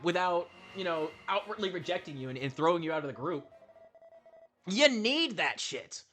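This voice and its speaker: A man chatting his way through a game playthrough, rambling and swearing as he philosophizes. His voice is bright and forceful with a very animated pitch. Soft game music plays beneath him. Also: fast talker. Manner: rambling, swearing, musing aloud. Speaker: let's play streamer. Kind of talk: casual gameplay commentary.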